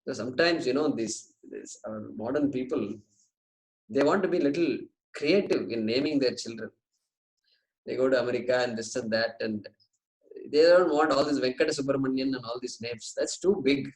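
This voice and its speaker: A man giving a scripture class, explaining Sanskrit terms slowly and with light jokes. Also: medium pitch, roomy sound, rough recording. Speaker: Vedanta teacher.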